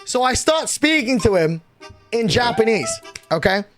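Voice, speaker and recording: A young man streaming a storytime recap, excitable and swearing casually with frequent laughs. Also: very high voice, moderate pace, soft background music. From Australia.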